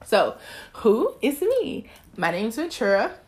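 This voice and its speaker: A woman's voice: a little high, huge pitch swings, slow pace. A woman in her twenties from East Texas hosting her own podcast in casual, talkative chat, slipping into bursts of preaching. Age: 20s. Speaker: podcast host.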